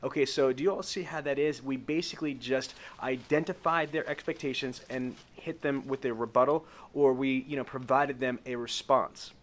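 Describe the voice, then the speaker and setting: A man's voice: medium pitch, steady tone, moderate pace, few pauses. A man running a live sales training with role-play, coaching in an emphatic way that stretches key words and keeps checking the group agrees.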